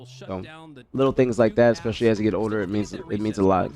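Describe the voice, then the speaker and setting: Congested low-voiced male streamer. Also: fast talker. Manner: relaxed, rambling, talks to chat by name. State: congested from a cold. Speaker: streamer hosting a watch party. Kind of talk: casual stream chat reading chat messages.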